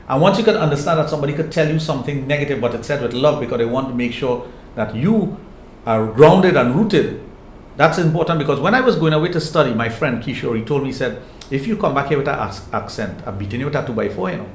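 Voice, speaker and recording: A man's voice: fairly high pitch, expressive, quick pace. An older man with a Trinidadian accent, answering interview questions in an earnest, reflective way and often repeating phrases as he thinks. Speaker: interview guest, sexologist. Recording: echoey room with faint noise.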